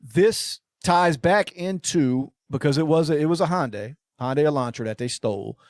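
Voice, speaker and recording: A man's voice: fairly high pitch, normal speed, no room sound, studio quality. Rambling, profane man in casual talk. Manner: rambling, profane, trails off quietly at phrase ends. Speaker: podcast co-host. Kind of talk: casual chat.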